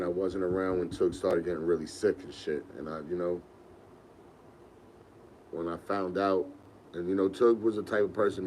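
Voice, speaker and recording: A young man casually telling funny stories on a podcast, animated and slangy, laughing as he goes. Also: deep voice, slight background noise. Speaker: podcast host. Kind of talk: casual storytelling.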